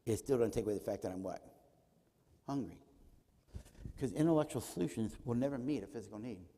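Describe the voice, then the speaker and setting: A man gives a teaching talk at a church conference in an auditorium, asking rhetorical questions, answering them himself, and acting out short dialogues. His medium-pitched, mellow voice is animated and fairly quick, with the sound of a large hall.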